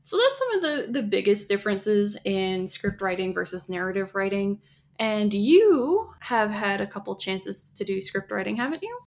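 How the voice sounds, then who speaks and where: A woman's voice: mid-range voice, sing-song, normal speed. A woman talking casually on a podcast, explaining ideas in a chatty way with frequent restarts. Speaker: podcast co-host. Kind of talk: casual chat about writing.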